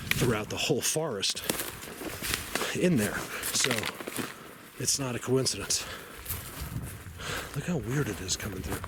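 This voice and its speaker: A man vlogging on foot in a forest, rambling and defiant, chuckling at his own jabs, at times out of breath. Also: medium pitch. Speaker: outdoor vlogger. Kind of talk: casual walking vlog to camera. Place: outdoors in a forest. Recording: noisy outdoor camera audio.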